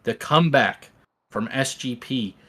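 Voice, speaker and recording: A man calling an esports match play by play, with rapid, excitable calls that rise to shouts at big plays. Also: medium pitch. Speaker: esports caster. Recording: game gunfire audible behind the voice.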